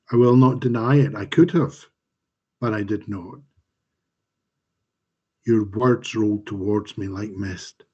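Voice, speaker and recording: Husky man reading a dark tale. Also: on the low side, fairly even intonation, muffled recording. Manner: slow, measured dramatic reading. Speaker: author. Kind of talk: reading fiction aloud. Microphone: home mic on a live stream.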